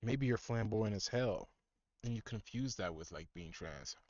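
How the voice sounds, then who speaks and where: A man's voice: on the low side, animated, normal speed, a little mellow, no room sound, highs cut off. A man streaming as he reacts to videos, giving blunt, scornful, profane commentary. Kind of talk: mocking commentary.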